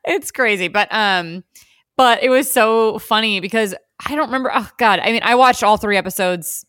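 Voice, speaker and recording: A young adult woman co-hosting a podcast, chatting casually with lots of fillers and quick impressions of people. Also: a little high, fairly bright tone, smooth, dry recording, studio quality. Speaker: podcast co-host. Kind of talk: casual chat.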